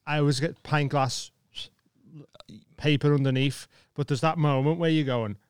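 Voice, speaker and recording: A man's voice: fairly high pitch, fairly even intonation, normal speed, clean tone, dry recording, clean studio sound. A man on a comedy podcast, rambling through an anecdote and acting out his own reactions. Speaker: podcast co-host. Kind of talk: casual comedy chat.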